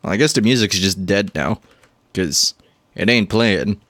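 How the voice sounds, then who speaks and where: A man's voice: fairly low pitch, lively intonation, measured pace, fairly bright tone, dry recording. A man hosting a gaming playthrough with casual, wry commentary. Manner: wry, joking asides. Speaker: host.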